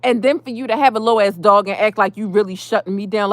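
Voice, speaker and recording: A woman venting casually about a neighbor, animated and profane. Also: medium pitch, fast, dry recording. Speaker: vlogger. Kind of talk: casual storytime rant.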